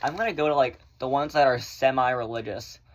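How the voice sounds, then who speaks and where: A man chatting casually in a vlog, rambling through viewer questions and swearing freely, often in fast bursts. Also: medium pitch. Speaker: vlogger answering viewer questions. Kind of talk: casual chat.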